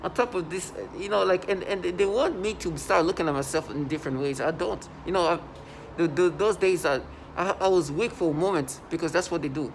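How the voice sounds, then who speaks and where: A man's voice: sits high, fairly quick, slight background noise. A man talking to his camera in an agitated, indignant monologue, stopping and restarting often. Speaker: vlogger.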